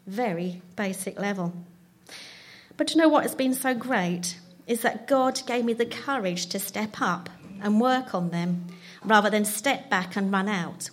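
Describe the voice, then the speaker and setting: A woman tells her own story in a church talk. She speaks in a chatty, self-deprecating way, with her pitch in an ordinary middle range for a woman. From London. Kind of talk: personal testimony talk.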